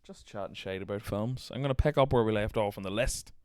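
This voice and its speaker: A man's voice: lowish voice, fast, darkish tone, clear, resonant tone, no echo, studio quality. Laughing, swearing podcast host man. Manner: laughing, swearing, self-mocking. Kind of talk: casual chat.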